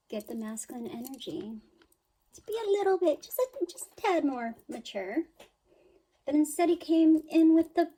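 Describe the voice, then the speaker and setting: A woman giving a spiritual tarot reading in a slow, unhurried voice. Her tone is mellow and dark, set a little high, and she speaks in an emphatic, soothing way, sighing now and then. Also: breathy edge, poor audio. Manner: emphatic, soothing, with sighs and mock-quoted worries. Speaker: tarot reader.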